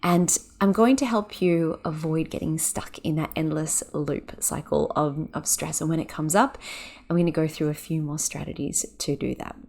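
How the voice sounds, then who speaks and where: A woman hosting a podcast who speaks with gentle, soothing guidance, leading a breathing exercise and talking with lively energy between exercises. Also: low voice, vocal fry. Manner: gentle, soothing, unhurried guiding; animated and quick when excited. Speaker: podcast host and yoga teacher. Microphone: podcast microphone.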